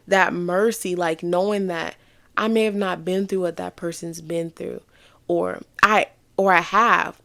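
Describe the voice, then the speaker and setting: A woman's voice: lowish voice, creaky, no room sound. A woman hosting a podcast, talking earnestly and conversationally, often repeating herself for emphasis. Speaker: podcast host. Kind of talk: reflective casual monologue.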